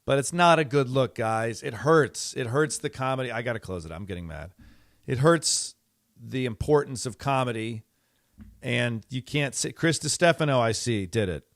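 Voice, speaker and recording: A man's voice: mid-range voice, expressive, moderate pace, no room sound, clean studio sound. A middle-aged man hosting a podcast, talking in a rambling, exasperated way with many fillers and restarts. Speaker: podcast host. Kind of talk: casual monologue.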